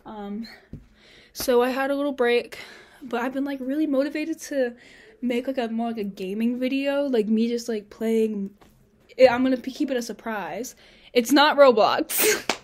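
A woman's voice: a little high, normal speed, mellow, a little hiss or hum. Breathless young woman rambling to camera. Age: young adult. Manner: rambling, lots of filler "like" and "um". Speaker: college student vlogger. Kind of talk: casual chat to camera. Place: dorm room on a college campus.

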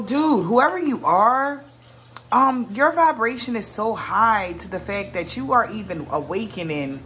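A woman with a medium-pitched, fairly bright voice does a casual tarot reading for her viewers, with slight background noise. She muses aloud, exclaims often, and trails off mid-sentence.

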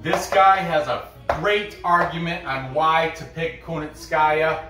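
A man's voice: on the high side, slow pace, noisy background. A man hosting a fight picks show, rambling casually through each picker's calls, laughing and trash-talking along the way. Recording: roomy echo, distant mic, faint music.

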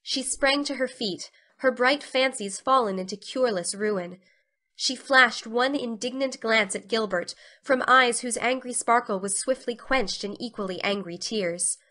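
A woman reads a classic story aloud in a dramatic storybook style. Her voice is bright and forward and pitched a little high. She brings expressive life to the narration. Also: measured pace.

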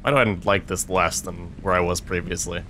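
A man's voice: low voice, steady tone, brisk, background noise. Young brit guy lets-play commentary, sarcastic, swears constantly, lots of angry yelps. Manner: sarcastic, swears a lot, frustrated outbursts. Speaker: let's play gamer. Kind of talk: casual game commentary.

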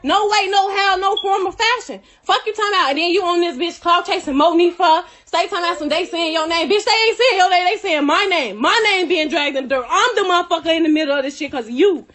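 A woman's voice: very high-pitched, quick pace, few pauses, a bit bright. A woman delivering a heated, profane rant, cursing and laughing through her anger. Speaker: friend telling her side.

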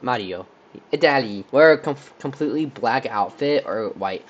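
A man's voice: mid-range voice, expressive, normal speed, muffled recording. A young man from Texas playing a would-you-rather game on his channel, thinking aloud and rambling with lots of fillers and restarts. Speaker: channel host. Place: room with a squeaky chair.

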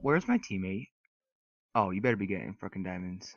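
A young man giving casual, excitable gameplay commentary, trash-talking opponents and swearing often. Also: deep voice, fairly quick, dry recording, lo-fi sound. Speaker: gaming YouTuber. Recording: noisy recording with mouse and keyboard clicks.

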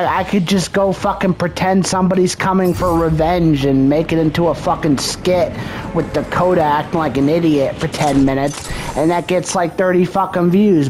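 A man's voice: high-pitched, a little mellow, slight background noise. A man making gaming videos, giving a profane, frustrated running commentary and trash-talking other players as he plays.

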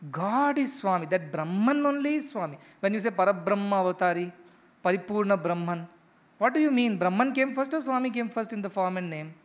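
A man's voice: sits high, expressive, a little fast. A middle-aged man with an Indian English accent giving a spiritual discourse, emphatic, firing rhetorical questions and repeating key phrases. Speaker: spiritual teacher. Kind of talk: spiritual discourse to ashram residents.

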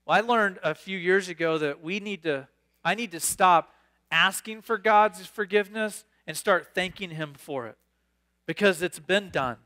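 A man preaching a sermon, reading scripture aloud and riffing on it with animated, excitable asides. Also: high-pitched, normal speed. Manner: animated, reads scripture then riffs with sudden bursts of excitement. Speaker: pastor.

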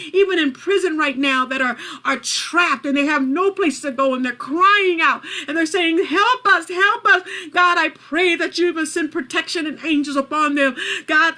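A woman pastor greeting viewers, then praying fervently and repetitively, at times tearful and shouting. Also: high-pitched. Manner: fervent, rising into shouted prayer; repetitive, halting with fillers. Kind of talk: livestreamed prayer and testimony.

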